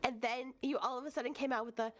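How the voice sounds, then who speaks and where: A woman guest in a casual interview, bubbly and giggly, gasping with excitement. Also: sits high, fast talker. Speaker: guest streamer.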